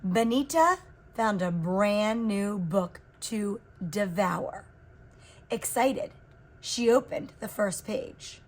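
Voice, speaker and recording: A woman reading a children's picture book aloud in an expressive, unhurried way. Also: mid-range voice. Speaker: reader. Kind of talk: storybook read-aloud.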